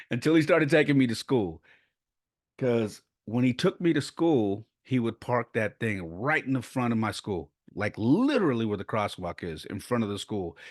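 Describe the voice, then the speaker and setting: A man's voice: on the low side, no room sound, studio quality. A man from San Jose hosting a podcast and telling family stories in a casual, rambling way from his bedroom at home. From San Jose, California. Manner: rambling, conversational, with restarts and laughs. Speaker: podcast host. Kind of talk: casual storytelling monologue. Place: bedroom at home, child sleeping nearby.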